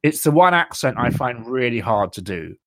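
A man's voice: mid-range voice, big pitch swings, normal speed, a bit bright, slight background noise. A man from England, a guest, chatting casually on a podcast with lots of fillers. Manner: chatty, filler-heavy, rambling. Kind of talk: casual chat.

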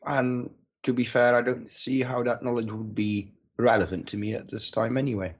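A man voicing a guarded female rogue bargaining with a crime boss, measured and probing. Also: medium pitch, little pitch movement, breathy edge, pitched above the performer's own voice. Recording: muffled lo-fi mic.

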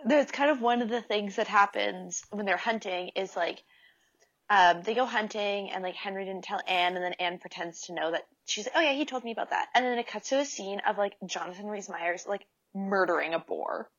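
A woman co-hosting a podcast who chats in an animated way and keeps saying "like". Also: medium pitch, normal speed, highs cut off. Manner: animated, says "like" a lot, laughs often. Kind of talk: casual chat.

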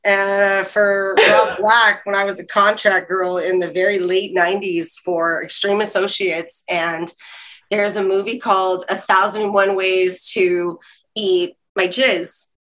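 A woman in her forties chatting casually as a guest, a candid and lively storyteller who laughs often. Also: medium pitch, a little slow, low-quality recording. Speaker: podcast guest. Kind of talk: casual chat.

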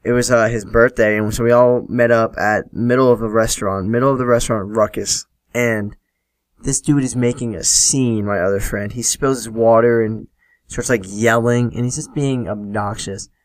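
A man's voice: medium pitch, fairly even intonation, normal speed, no room sound. A young man hosting a podcast, casually telling stories, swearing freely and acting out quoted lines. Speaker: podcast host. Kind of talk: solo storytelling podcast.

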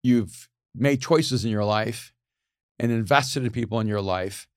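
A middle-aged man in a casual conversation, animated, laughing often and repeating words as he starts sentences. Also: lowish voice, a little slow, dry recording, studio quality.

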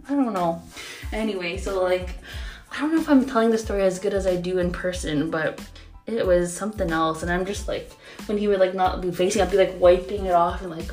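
A woman's voice: medium pitch, brisk, soft background music. Chatty young woman telling a story. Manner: chatty, laughs often, lots of fillers. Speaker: podcast host. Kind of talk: casual storytelling monologue.

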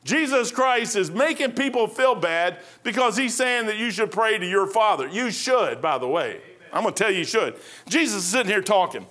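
A man's voice: high voice, animated, moderate pace, bright, forceful tone. A middle-aged male pastor preaching a sermon in a rambling, folksy storytelling way, with frequent restarts.

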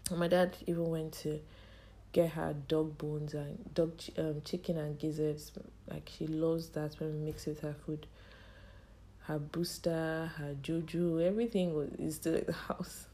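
A young woman hosting a podcast, telling a personal story in a halting, tearful way with a strained, choked-up voice. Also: low-pitched, little pitch movement, dark tone. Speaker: podcast host. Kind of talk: personal monologue.

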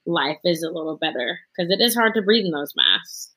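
A woman co-host in easy conversation, her voice low yet very bright and forceful. She sometimes stumbles over the start of a thought before getting going. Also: lively intonation, brisk, rough recording. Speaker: radio show co-host. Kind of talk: casual chat.

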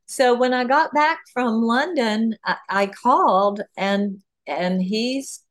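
A woman talks as a podcast guest at a medium pitch. Her speech is animated, with frequent "um"s and "you know"s and sudden lifts in her voice when she gets excited. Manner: animated, talks through ideas with many fillers. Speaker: author and guest. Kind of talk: podcast interview.

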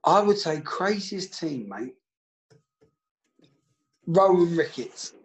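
A man, a former footballer, telling an anecdote casually, animated and swearing freely. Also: on the high side, slow, lo-fi sound.

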